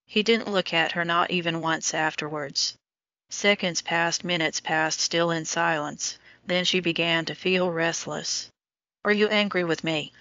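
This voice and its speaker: A woman narrating a romance audiobook in a steady, even reading manner. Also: fairly low pitch, measured pace, dry recording. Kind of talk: scripted narration. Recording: dull lo-fi dry audio.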